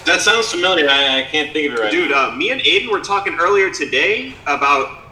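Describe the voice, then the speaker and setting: A man's voice: on the high side, lively intonation, brisk, bright, forceful tone. A man in his twenties chatting casually on a podcast, laid-back and swearing often. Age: 20s. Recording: echoey room, faint background noise.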